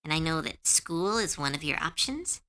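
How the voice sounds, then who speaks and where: A woman streamer chats with her viewers in a bright, forward voice that swings widely in pitch. She sounds earnest and comforting, and her talk is loose and full of fillers. Her voice sits a little low for a woman. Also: very animated, moderate pace, clean tone. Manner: laughs easily when unsure. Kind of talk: casual chat with chat viewers.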